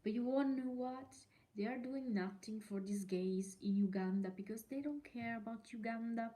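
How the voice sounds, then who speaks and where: Female podcast host, solo rant; slow delivery, warm darker tone, emphatic and profane. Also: a little high. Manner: indignant, emphatic, swears freely, repeats herself.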